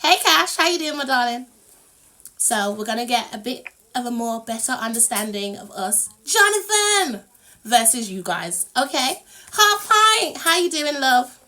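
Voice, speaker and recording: A bubbly British woman hosts a casual live stream, laughing often and humming filler tunes. Her voice is high and bright, with a lively, swooping melody. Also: unhurried. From United Kingdom. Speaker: livestream host.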